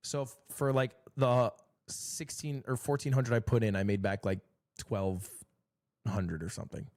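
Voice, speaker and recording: A man streaming, telling a story in a casual, animated and exasperated way. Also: mid-range voice, measured pace.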